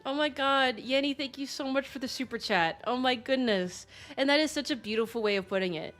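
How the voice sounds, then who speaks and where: A young woman streamer with a fairly high voice. She gushes warmly and effusively, thanking her chat again and again. Faint music plays under her talk. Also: fairly quick. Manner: gushing and effusive, thanking donors, giggly. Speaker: livestream host. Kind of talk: casual livestream chat.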